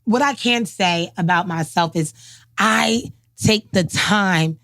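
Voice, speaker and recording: A woman co-hosting a podcast in casual chat, talking in an emphatic, animated way. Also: on the low side, takes it slowly, no room sound. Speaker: podcast co-host.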